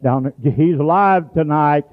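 A man preaching a sermon, telling stories in a folksy way and breaking into shouts. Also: a little high, unhurried. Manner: folksy storytelling, bursts into shouts. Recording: tinny phone-like radio recording.

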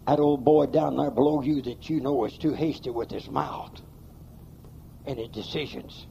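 A man's voice: mid-range voice, normal speed, gravelly, warm tone, highs cut off, slight background noise. A man preaching a sermon in a church, emphatic and folksy, with plain rural grammar. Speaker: pastor.

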